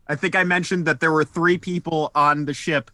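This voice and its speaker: A man's voice: a little high, moderate pace, dry recording. A man playing in a tabletop game, chatting casually and swearing freely. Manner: lively, cursing freely. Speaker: player.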